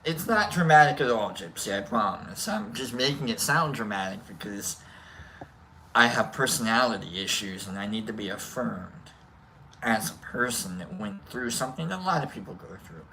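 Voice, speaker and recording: Chatty livestream host, a man with a bright voice, rambling and self-mocking. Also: fairly low pitch, lively intonation, normal speed, a little hiss or hum, rough recording. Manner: rambling, self-deprecating, jokey. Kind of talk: casual livestream storytelling.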